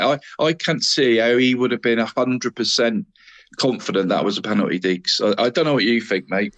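A man's voice: mid-range voice, fairly bright tone. A man, co-hosting a casual football chat, rambling on and calling his co-host mate constantly.

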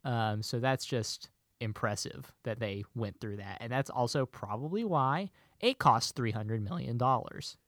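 Male podcast co-host, playful quizmaster, mid-pitched, dry close sound. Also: animated, unhurried, hardly any pauses, a bit bright, dry recording. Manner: playful, quizzing with a hammy pirate delivery. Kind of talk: casual movie podcast chat.

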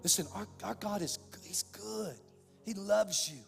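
A man preaching a sermon as pastor, impassioned, swinging between hushed, heavy passages and loud, driving ones. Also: high-pitched, measured pace, creaky, in a large hall, faint music behind.

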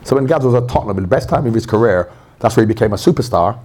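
A man being interviewed at a live event, telling animated stories, acting out quotes and laughing often. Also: lowish voice, racing. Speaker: interview guest, former pro footballer. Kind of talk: animated anecdotal storytelling. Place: live event at a stadium venue.

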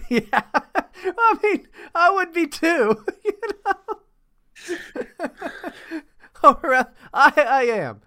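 A man's voice: very high voice, very animated, very slow, long pauses, pushed and bright. A man co-hosting a podcast in casual, profane, rambling chat, often breaking into laughter. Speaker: podcast co-host.

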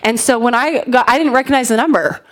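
A woman in her thirties giving a conversational sermon full of personal stories, animated and chatty, asking the congregation questions. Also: on the high side, fast. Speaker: pastor.

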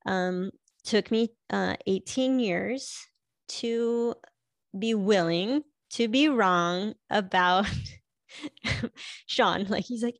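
A woman's voice: mid-range voice, very slow, no echo, studio quality. A middle-aged woman chatting casually about her marriage, laughing often and filling her talk with "like". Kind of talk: casual personal chat.

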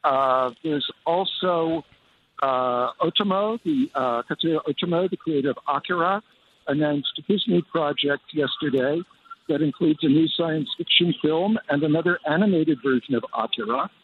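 A man's voice: a little high, moderate pace. A man reporting enthusiastically by phone from a busy convention floor. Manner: upbeat, enthusiastic. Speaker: film critic reporting live. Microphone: phone line. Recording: tinny phone line with crowd hum.

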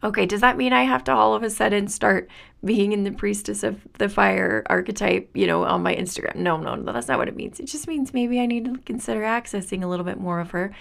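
Woman, gravelly fry-heavy voice, mid pitch, earnest spiritual podcast monologue. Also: fairly quick, fairly bright tone. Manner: earnest, enthusiastic, laughs often.

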